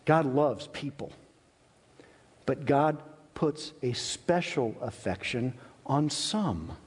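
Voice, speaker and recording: A male pastor preaching a sermon in an earnest, emphatic way, with long pauses. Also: medium pitch, expressive, husky. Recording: reverberant hall.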